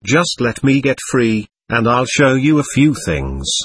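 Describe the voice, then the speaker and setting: A man's voice: medium pitch, sing-song, unhurried, husky. Man reading as a belligerent stubborn spirit. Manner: defiant, blustering, threatening. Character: belligerent stubborn male spirit, quick-tempered. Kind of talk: reading a séance record aloud.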